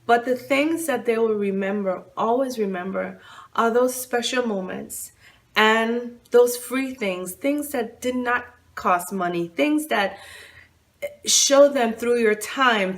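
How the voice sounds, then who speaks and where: A woman's voice: medium pitch, a bit bright. A woman hosting her own channel, talking earnestly about her father, stressing words by repeating them, seated on a couch. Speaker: channel host. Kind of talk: heartfelt personal vlog talk. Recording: distant room sound.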